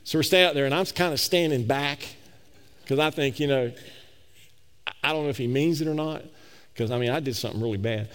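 A middle-aged male pastor tells a story from the pulpit in a folksy, animated way, repeating himself as he goes. His voice sits at an ordinary male pitch, and long reverb from a large sanctuary trails after every phrase. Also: brisk, pauses often. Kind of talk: storytelling sermon.

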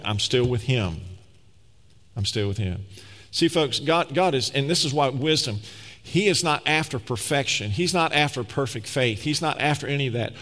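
A man's voice: mid-range voice, fairly bright tone. Conversational preacher man in a reverberant hall. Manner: conversational, emphatic preaching with acted-out quotes. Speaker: pastor. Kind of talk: sermon.

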